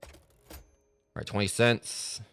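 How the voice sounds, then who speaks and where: A man's voice: takes it slowly, a bit bright, faint music behind. A man streaming himself playing a game, chatting casually and rambling, with lots of fillers. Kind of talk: gameplay commentary.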